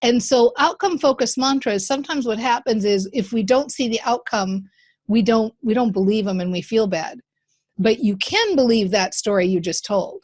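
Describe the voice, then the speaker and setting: A woman's voice: fairly high pitch, lively intonation, normal speed, a little mellow. A woman hosting a podcast, coaching her guest with enthusiasm and encouragement, often repeating key phrases. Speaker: podcast host and mindset coach. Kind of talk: coaching conversation.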